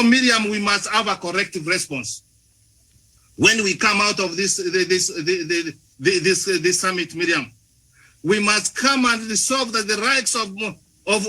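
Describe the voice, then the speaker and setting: A man from Africa with an extremely high, bright, forceful voice makes an impassioned speech at a panel forum, heard through a rough recording. He fills it with rhetorical questions, frequently restarts and repeats words, and turns to the moderator by name.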